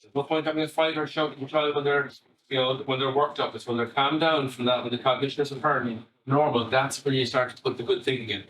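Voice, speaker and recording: A middle-aged Irish man speaks to an audience of parents in a bright, forward voice. He talks in a chatty, anecdotal way, often restarting his sentences and slipping in asides. He sounds distant from the mic, and a roomy echo hangs around his words. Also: mid-range voice, fairly even intonation, fast talker, slight background noise. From Ireland. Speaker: family psychotherapist giving a talk. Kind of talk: live talk to parents. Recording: echoey room, far from the mic.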